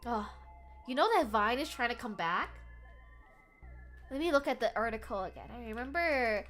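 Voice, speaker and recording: A woman streamer chats casually with a high, bright voice. She is animated, breaks into laughter often and swears freely. Faint music plays underneath. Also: moderate pace. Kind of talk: casual chat.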